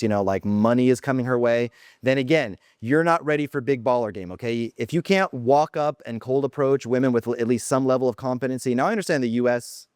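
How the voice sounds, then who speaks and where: This is a man vlogging from his home office, talking bluntly and brashly with plenty of casual filler. His voice is smooth and clear, and the recording is close and dry with no room sound. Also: mid-range voice, darkish tone, no echo. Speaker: dating coach vlogger. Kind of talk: casual monologue.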